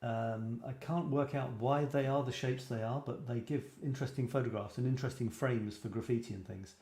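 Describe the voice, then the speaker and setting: A man's voice: medium pitch, steady tone, fairly quick, warm tone. Chatty British man in echoey room. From Britain. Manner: rambling, self-deprecating, chuckling asides. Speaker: host of a photography show. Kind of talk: casual livestream chat.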